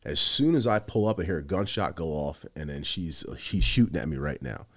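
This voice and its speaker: A man, a former police officer, telling stories on a podcast in a casual, animated way, swearing a lot and acting out what he said at the time. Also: deep voice, a little fast. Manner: animated, heavy swearing, quotes himself. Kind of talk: casual storytelling.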